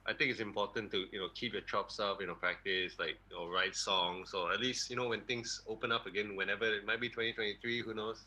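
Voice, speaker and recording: Rich: A man with a Malaysian English accent talks easily on a podcast, his slightly low voice husky yet sharply bright. He rambles a little as he shares his thoughts as a guest drummer. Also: fairly even intonation, quick pace, few pauses, low-quality recording. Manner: easygoing, rambling, ends phrases with a tag particle. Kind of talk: casual podcast chat.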